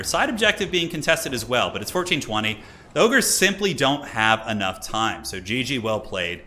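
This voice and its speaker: Male streamer-caster, chatty live commentary, lively pitch swings, bright forward tone. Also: normal speed, slight background noise. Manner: animated, chatty, talks to viewers in chat.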